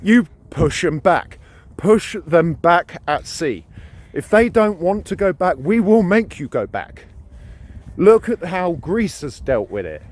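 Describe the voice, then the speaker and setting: A British man ranting to camera with a fairly high voice that swings widely up and down. He hammers his points home, repeating words and phrases as he goes. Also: very animated, slow. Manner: ranting, emphatic, repeats himself. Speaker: vlogger. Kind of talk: opinion monologue to camera.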